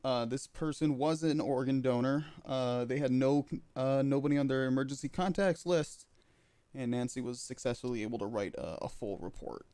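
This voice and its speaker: A man playing a medic in a roleplay game, recounting events in character, pausing often with fillers as he talks. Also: mid-range voice, mellow, clear, resonant tone, no echo. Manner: halting, filler-heavy recounting. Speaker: roleplay medic giving a statement.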